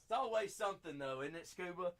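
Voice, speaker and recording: A man's voice: high-pitched, lively intonation, fast talker, a bit bright. A chatty man with a Southern accent hosting a live card-break stream, talking to viewers by name.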